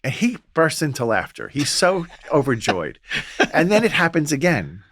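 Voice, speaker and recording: A man, a Catholic priest, telling stories in a relaxed podcast conversation and acting out the voices he quotes. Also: fairly high pitch, moderate pace, dry recording, studio quality. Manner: storytelling, acts out quoted voices. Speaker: Catholic priest and exorcist guest.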